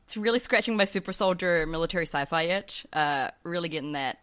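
A woman chatting on a podcast with a bright, forceful voice. She tells stories with excitable energy and jumps into quoted voices. Her talk stays loose and casual. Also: lowish voice, a little fast. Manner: excitable, animated storytelling. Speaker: podcast co-host. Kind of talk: casual chat.

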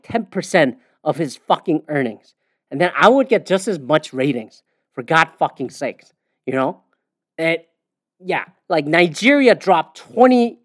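A man's voice: a little high, no room sound, clean studio sound. A man hosting a podcast, ranting casually about sports media, swearing often and filling gaps with "uh" and "you know". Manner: profane, ranting, with frequent fillers. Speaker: podcast host.

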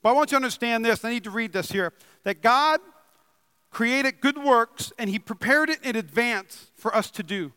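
High, bright-voiced excitable preacher man. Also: moderate pace, clean tone, no echo, in a large hall. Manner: excitable, rising to loud emphatic bursts then easing into chatty storytelling. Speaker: pastor. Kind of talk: sermon. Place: church building. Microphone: wearing a microphone.

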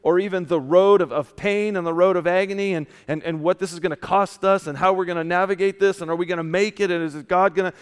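A man preaching a casual, story-filled sermon, often dropping to a soft hushed tone. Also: sits high, steady tone, fast, few pauses, smooth. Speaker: pastor. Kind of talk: conversational sermon with stories. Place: church. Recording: long church hall reverb.

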